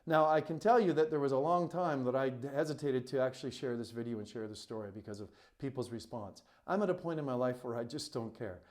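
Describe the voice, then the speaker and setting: A man with a voice of middling pitch speaks as a coach telling a personal story to camera. He talks earnestly and with emphasis, leaning on "you know" as he goes. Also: quick pace, hardly any pauses, a little mellow. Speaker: coach and retreat facilitator.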